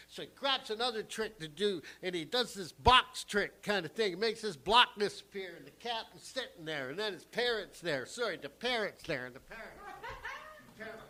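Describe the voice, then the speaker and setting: High-voiced rambling profane male comic. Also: expressive, fairly quick, bright, forceful tone. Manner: rambling, profane, loses track and restarts. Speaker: comedian. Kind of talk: live stand-up joke telling. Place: small cafe lounge stage.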